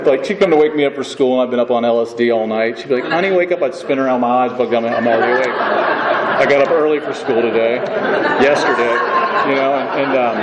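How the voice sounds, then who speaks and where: Rambling, self-mocking man in an echoey hall. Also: mid-range voice. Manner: rambling and self-mocking, full of "you know what I mean". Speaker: AA meeting speaker. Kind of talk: personal recovery story told to a meeting. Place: meeting hall. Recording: echoey hall with background noise.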